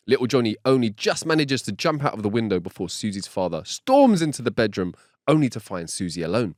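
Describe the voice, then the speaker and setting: A man co-hosting a comedy podcast, reading listener jokes with animated storytelling and high character voices. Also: a little fast, no echo, clean studio sound. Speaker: podcast co-host.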